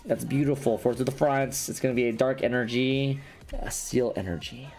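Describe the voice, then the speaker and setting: A man's voice: mid-range voice, moderate pace, a little mellow. A man losing his voice, chatting casually as he opens trading card packs and rambles through each card. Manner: rambling, restarts sentences. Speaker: YouTuber opening trading cards. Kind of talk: casual card-opening commentary. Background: faint background music.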